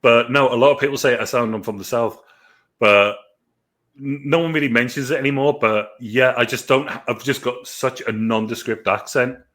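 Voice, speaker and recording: A man's voice: medium pitch, normal speed, fairly bright tone. A man with an English accent, chatting casually and rambling as co-host of a film review show. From England. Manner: chatty and rambling, with lots of fillers. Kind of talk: casual chat.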